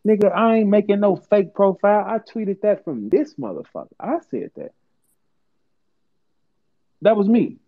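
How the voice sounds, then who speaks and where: A man hosting a heated live audio chat, profane, taunting and boastful, swinging from low mutters to high outbursts. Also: animated, normal speed, pauses often. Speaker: host of an online audio room. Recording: tinny phone-line audio.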